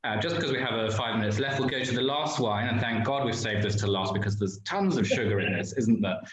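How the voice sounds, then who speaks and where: A man hosting a casual panel, chatty and enthusiastic, often chiming in with quick affirmations. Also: mid-range voice, a crowd in the background. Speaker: host, auction specialist. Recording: very echoey room.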